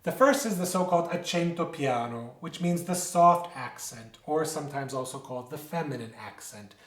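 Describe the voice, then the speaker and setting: Male music teacher, slightly high voice, patient explainer who asks and answers his own questions, echoey room. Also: lively intonation, moderate pace. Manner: explanatory, poses rhetorical questions and answers them. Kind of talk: instructional lecture. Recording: roomy echo.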